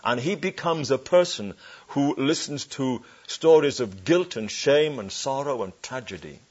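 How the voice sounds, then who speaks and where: A male preacher delivers a sermon in a church with a mid-range voice. He leans hard on scripture phrases and draws each one out slowly, and he throws rhetorical questions to the congregation. The recording sounds dull and lo-fi. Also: mid-range voice, lively intonation, a little mellow, slightly rough.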